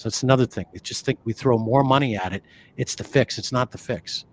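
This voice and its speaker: A man from the New York City area co-hosting a podcast, talking in a rambling, animated way with many fillers and restarts. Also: mid-range voice, fairly quick. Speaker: podcast co-host. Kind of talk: conversational podcast talk.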